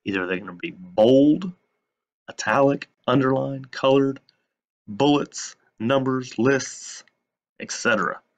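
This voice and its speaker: A male teacher giving a recorded lesson, who asks questions and then answers them himself with slow emphasis. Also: mid-range voice.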